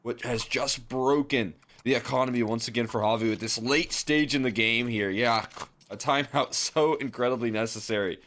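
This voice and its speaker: A man giving live color commentary on an esports match, analytical and relaxed. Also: mid-range voice, moderate pace.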